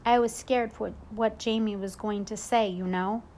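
A woman's voice: medium pitch, steady tone, normal speed, a little mellow, a little hiss or hum, lightly acted. A woman reading a storybook, voicing a stern but caring babysitter who scolds firmly and calls on the Lord. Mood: regretful. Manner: scolding, firm, God-fearing.

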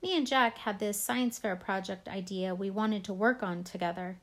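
A woman's voice: mid-range voice, moderate pace, natural voice. A woman reading aloud, voicing a smirking, taunting schoolboy bully. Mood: mock-innocent. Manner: taunting, mock-innocent.

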